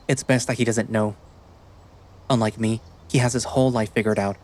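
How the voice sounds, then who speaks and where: A man giving steady, introspective first-person narration of a visual novel. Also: medium pitch, normal speed.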